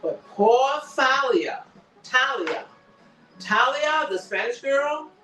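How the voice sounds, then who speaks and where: A man with a notably high voice recaps a TV episode in casual chat, telling the scenes with animated drama. He sounds a little far from the mic in a roomy space. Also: slow, faint music behind. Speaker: co-host.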